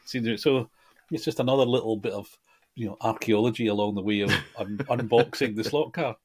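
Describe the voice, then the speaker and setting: A man's voice: on the low side, fairly quick, darkish tone, breathy edge. A man co-hosting a podcast in casual chat, joking and wandering off into self-deprecating digressions. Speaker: podcast co-host.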